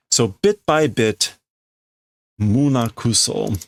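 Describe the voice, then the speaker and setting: A man's voice: fairly low pitch, a little slow, creaky, no echo. A man casually reading and translating aloud, thinking over word meanings as he goes. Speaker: streamer reading manga aloud.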